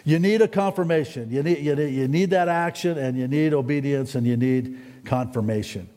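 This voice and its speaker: A man preaching a sermon in a folksy, rambling way, often climbing to excited, emphatic peaks. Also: fairly high pitch, normal speed. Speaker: pastor. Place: church sanctuary. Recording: long hall reverb in a church.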